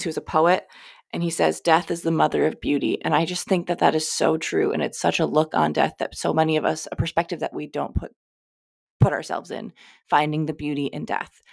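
A woman's voice: deep voice, gravelly, no room sound, studio quality. A young woman hosting a podcast, giving casual spiritual advice in a candid, chatty way, sometimes swearing and cutting herself off. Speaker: podcast host.

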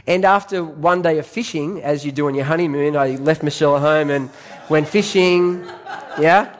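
High-voiced Australian pastor preaching. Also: male voice, normal speed. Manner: anecdotal, repeats key phrases for emphasis. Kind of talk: sermon. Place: church service.

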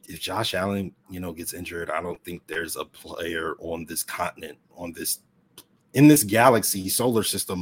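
A man who is a guest on a sports podcast, talking over a remote call. He talks in a rambling, enthusiastic way and often corrects himself. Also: lowish voice. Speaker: podcast guest, brand president. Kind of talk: casual sports chat.

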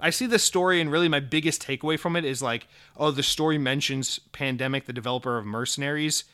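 A man's voice: medium pitch, quick pace, pushed and bright, smooth. A man hosting a gaming news podcast, ranting casually in a profane, sarcastic, exasperated way. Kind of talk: casual opinionated news rant.

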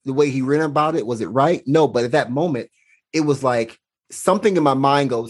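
Man, podcast guest, earnest, reflective, personal storytelling, mid-pitched. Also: fairly quick. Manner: earnest, reflective, acts out quoted dialogue.

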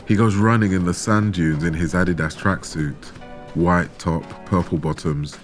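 A man telling a true story in measured, dramatic scripted narration, with rhetorical questions. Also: low-pitched, steady tone. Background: background music.

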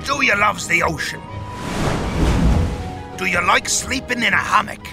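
A man voicing a gruff, boastful British pirate with pirate slang in a podcast skit. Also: high voice, a little slow, music in the background. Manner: pirate slang, growled "arr".

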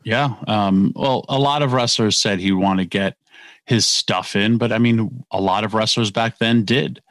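A man's voice: on the low side, a little slow, a bit bright, no room sound. A man co-hosting a wrestling radio show, talking casually and rambling with many self-corrections. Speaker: radio co-host, former wrestler. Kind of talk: sports talk radio.

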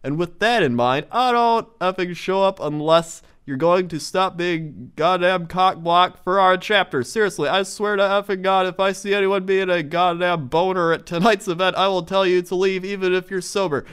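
A man's voice: high voice, moderate pace, few pauses, a bit bright, clear, resonant tone. A man giving an exaggerated comedic reading of an angry email, swapping curse words for "effing" and breaking into laughter now and then. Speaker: reader of a viral email. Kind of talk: dramatic comedic reading aloud.

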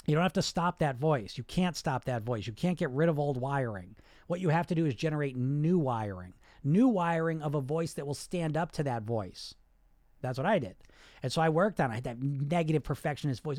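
A man's voice: on the high side, fairly quick, no echo. Blunt, profane man coaching, dry sound. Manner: blunt, profane, animated, acts out inner voices. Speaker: weight loss coach. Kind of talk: live podcast monologue.

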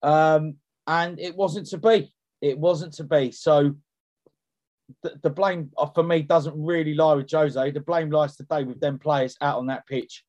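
Guy venting on a football podcast, blunt, slightly high voice. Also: fairly even intonation, measured pace, a little mellow. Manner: blunt, heated, repeats himself. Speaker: podcast co-host. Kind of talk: casual football podcast chat.

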